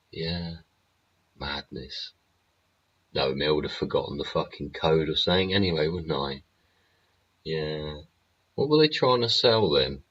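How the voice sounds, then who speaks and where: A man's voice: rumbling low, a bit bright, dull audio. A man hosting his show in a casual, sweary, rambling monologue, laughing often. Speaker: show host. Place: home studio.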